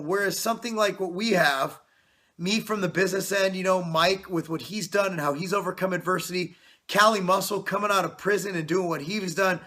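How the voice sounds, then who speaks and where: A man in his forties talks straight to camera from his basement in a high, bright voice. He is loud and passionate, slightly out of breath and stuffy-nosed. He leans on "you know" and swears casually. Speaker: fitness channel host. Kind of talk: casual vlog talk to camera. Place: home basement.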